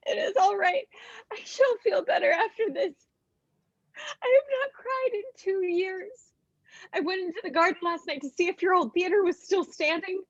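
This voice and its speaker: A woman playing a fragile, yearning young actress in a live streamed stage reading, speaking in a wistful, halting way. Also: very high voice, steady tone, a bit bright, dry recording. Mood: tearful. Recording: muffled dry home stream audio.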